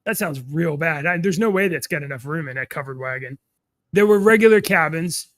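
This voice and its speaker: A man in his thirties co-hosting a podcast, chatting casually and telling animated, rambling stories with laughs. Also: on the high side, a little fast, no room sound. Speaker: podcast co-host. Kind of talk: casual chat.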